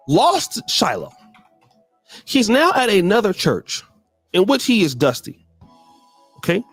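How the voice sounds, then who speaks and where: A man's voice: on the high side, huge pitch swings, unhurried, pauses often, breathy edge, no echo, faint music behind. A man giving emphatic commentary, repeating phrases for effect. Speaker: guest commentator. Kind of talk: animated commentary.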